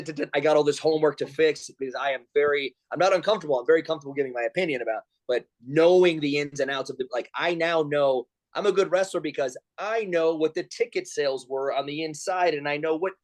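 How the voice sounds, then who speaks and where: A fairly high-pitched man in his forties talks fast with hardly any pauses. He's a pro wrestler and comedian appearing as a guest over video call, animatedly telling stories and acting out other people's lines in raised voices.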